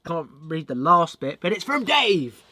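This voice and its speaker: A man's voice: fairly high pitch, big pitch swings, measured pace, crowd noise. A male channel host chatting casually as he reads out viewer mail and thanks the senders.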